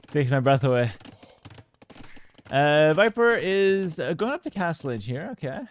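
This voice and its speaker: A man commentates a strategy match live on stream, still out of breath. His voice sits a little high, and he chats loosely and casually with his viewers between calls on the game. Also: sing-song, unhurried, long pauses. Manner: casual, chatty, talks to stream chat. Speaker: esports caster.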